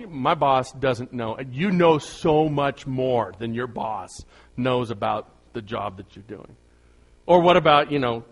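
A middle-aged man preaching a conversational sermon, joking with the congregation and rising to emphatic bursts. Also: mid-range voice. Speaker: pastor.

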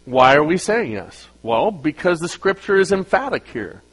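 A man's voice: fairly high pitch, very animated, normal speed, breathy edge, rough recording. Dynamic preaching man. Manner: dynamic, swings between loud emphasis and quiet asides. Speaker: pastor. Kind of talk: sermon.

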